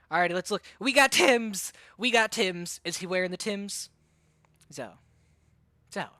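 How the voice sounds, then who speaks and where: A man casting a live game tournament, hyper and excitable, rattling off play-by-play and getting out of breath. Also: high voice, dry recording. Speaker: tournament caster and streamer. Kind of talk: live esports commentary.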